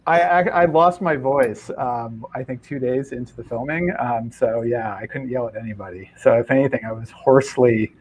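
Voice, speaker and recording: A man who is a guest film director, recalling behind-the-scenes stories in a relaxed, rambling way on a video call. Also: mid-range voice, moderate pace, hardly any pauses, a crowd in the background, poor audio. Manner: relaxed, anecdotal, many fillers. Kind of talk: casual chat.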